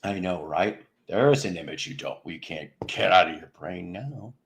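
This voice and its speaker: A man's voice: low-pitched, animated, normal speed, creaky, a bit bright. A man hosting a casual livestream, chatting with viewers in a rambling, jokey way, cracking crude jokes and laughing at them. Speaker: livestream host. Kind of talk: casual chat with live viewers.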